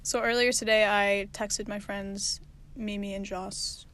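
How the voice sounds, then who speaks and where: A woman's voice: mid-range voice, flat delivery, measured pace, a bit bright. A young woman co-hosting a podcast, chatting casually and laughing often between lines. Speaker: podcast co-host. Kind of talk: casual chat.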